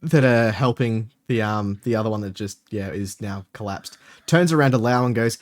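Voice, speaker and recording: A man's voice: on the low side, moderate pace. A man narrating a tabletop game as game master in a casual, filler-heavy way.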